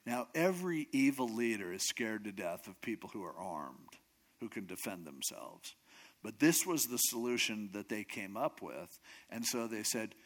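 A man's voice: on the low side, very animated, normal speed, a bit bright. A man casually retelling a scripture story in a sermon, acting out each character. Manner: chatty retelling with frequent acted quotes.

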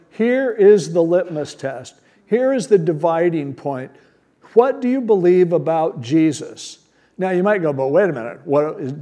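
Preaching as a pastor, this man has a fairly high-pitched, warm voice. His sermon works through the text verse by verse in a plain-spoken, conversational style, with rhetorical questions along the way.

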